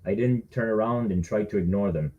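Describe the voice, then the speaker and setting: A man's voice: on the low side, fairly quick, phone-quality sound. A man, the author, reading his own thriller aloud in a wry, conversational first-person narration.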